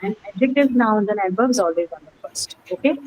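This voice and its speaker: A woman's voice: medium pitch, animated, brisk, a little mellow, slight background noise, rough recording. Woman teacher checking in with "okay?". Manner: explains step by step, often checking with "okay?". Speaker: English teacher. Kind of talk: online class lecture.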